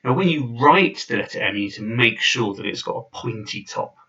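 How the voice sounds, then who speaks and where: A man's voice: mid-range voice, expressive, brisk, pushed and bright, far from the mic, highs cut off. A man giving an informal video lesson, chatty and full of fillers and restarts. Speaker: language teacher.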